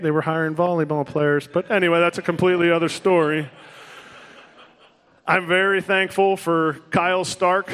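A man in his thirties, a former ballplayer telling his career story to an audience, animated and self-mocking, acting out both sides of conversations. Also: sits high. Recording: long hall reverb.

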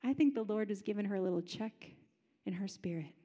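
A woman preaching a sermon in a chatty, animated and humorous way, in a large high-ceilinged room. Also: a little fast. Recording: long hall reverb.

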